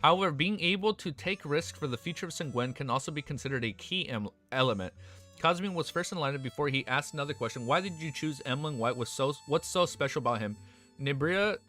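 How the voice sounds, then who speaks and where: Casual stream reader, excitable young guy, bright sharp tone, soft music underneath. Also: fairly high pitch, fairly quick. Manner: excitable, breaks off reading to react. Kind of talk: reading a novel aloud on a live stream. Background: faint background music.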